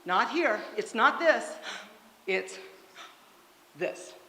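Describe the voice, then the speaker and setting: A woman leading a choir workshop, coaching breathing and singing warm-ups with lively encouragement. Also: fairly high pitch, drawn-out words, a little hiss or hum. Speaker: choir director. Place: church hall. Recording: echoey church room, long reverb, loud instruments.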